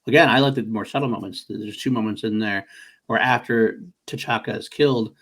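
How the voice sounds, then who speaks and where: Enthusiastic husky man gushing about movies. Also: lowish voice, fairly quick, a bit bright. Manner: enthusiastic, rambling, with restarts and swearing. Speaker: podcast co-host. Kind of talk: casual movie discussion.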